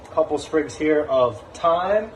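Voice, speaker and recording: A man's voice: on the high side, lively intonation, slow pace, slight background noise, rough recording. A man casually talking through a recipe as he cooks in his home kitchen, in a chatty, joking way. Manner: chatty, jokey, upbeat. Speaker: home cooking vlogger. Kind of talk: casual cooking demo.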